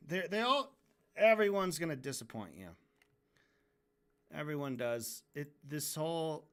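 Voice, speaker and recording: A man's voice: on the high side, fairly bright tone. A man livestreaming while he draws, ranting casually and frankly, swearing and often restarting his sentences. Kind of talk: casual rant during a drawing stream.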